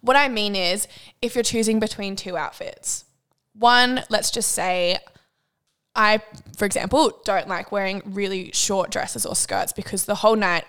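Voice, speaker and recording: A woman's voice: medium pitch, unhurried, a bit bright, clear, resonant tone. A young woman co-hosting a casual chat podcast, talking freely, laughing often and swearing now and then. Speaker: podcast co-host.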